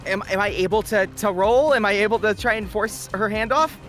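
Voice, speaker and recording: A man playing a tabletop game on stream, reacting excitably and stammering as he talks. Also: high-pitched, brisk, soft background music. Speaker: player. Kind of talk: casual tabletop game chat.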